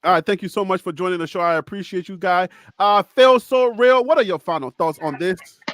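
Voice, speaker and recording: A man hosting a casual sports talk show from a studio, loud and teasing, laughing often. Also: high voice, a little fast, slight background noise. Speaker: podcast host. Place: home studio.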